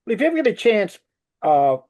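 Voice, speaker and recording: Interviewer, man, a bit high, halting question style. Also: big pitch swings, darkish tone. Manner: hesitant, self-interrupting questions. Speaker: interviewer, magazine writer.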